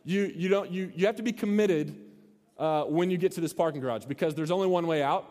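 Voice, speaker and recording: An animated man preaching a sermon, telling a long story and acting out shouts. His voice sits a little high for a man and rings in the long reverb of a big hall. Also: fairly quick. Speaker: pastor.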